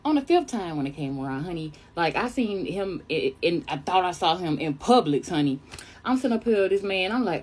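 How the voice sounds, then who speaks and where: A young woman from New York telling a chatty storytime tale, animated and calling listeners honey. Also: mid-range voice, fairly quick. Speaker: storyteller vlogger. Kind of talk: casual storytime monologue.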